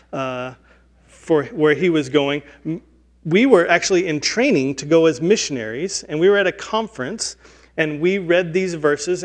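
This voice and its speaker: An earnest pastor in his forties preaches in a church with a slightly raised pitch. He talks conversationally and pokes fun at himself between prayer and scripture. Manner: earnest, conversational, self-deprecating. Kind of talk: sermon. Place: church sanctuary.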